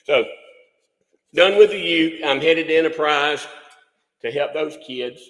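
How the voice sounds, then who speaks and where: A bright-voiced man, chatting casually on a livestream in a folksy, rambling way. He trips over and repeats his words as he talks. The recording has a lingering room reverb. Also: fairly high pitch, measured pace. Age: 60s. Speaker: livestream host, music instructor.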